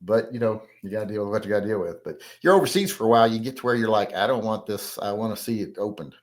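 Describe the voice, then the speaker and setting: A man's voice: fairly low pitch, lively intonation, quick pace. A man with a Southern American accent hosting a casual podcast, reading out viewer comments and answering them in a blunt, rambling, folksy way. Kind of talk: casual solo podcast chat.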